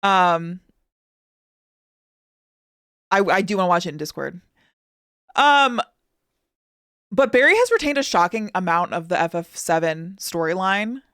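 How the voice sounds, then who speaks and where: A woman with a Chicago accent, chatting as a streamer in an excitable, rambling way. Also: fairly low pitch, moderate pace, clear, resonant tone, no room sound, clean studio sound. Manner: excitable, rambling, often laughing. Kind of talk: casual reaction stream chat.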